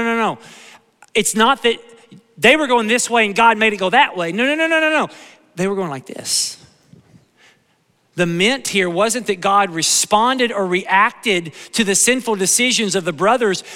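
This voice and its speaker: A man preaching from the pulpit in a high, bright voice that rings with conviction. He leans on repetition and homespun humor, and a long church reverb hangs behind every line. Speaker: pastor. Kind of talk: sermon. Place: church sanctuary.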